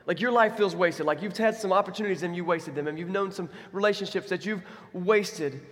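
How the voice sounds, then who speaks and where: A pastor preaching a sermon, telling the story with animation, acting out the quotes and dropping to a soft, quiet voice for emphasis. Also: male voice, sits high, brisk. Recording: long reverb of a large hall.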